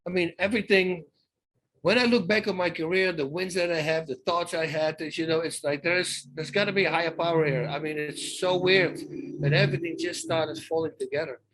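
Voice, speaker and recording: Guy telling stories in an interview, bit higher voice, keeps restarting his sentences. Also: fairly quick, background noise. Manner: animated storyteller who acts out dialogue, many restarts. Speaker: guest. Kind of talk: casual interview chat.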